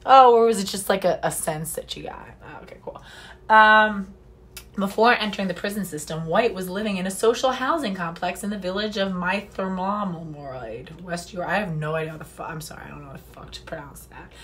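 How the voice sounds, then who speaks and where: A woman's voice: medium pitch, a little fast, fairly bright tone. A woman reading a news story aloud and breaking off into sarcastic, profane, indignant asides. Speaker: commentary vlogger.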